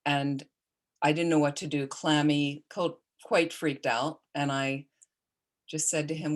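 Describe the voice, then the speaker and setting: A middle-aged woman, a Buddhist nun, giving a calm, conversational dharma talk with personal stories. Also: low-pitched, a little slow. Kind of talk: dharma talk on caring for the dying.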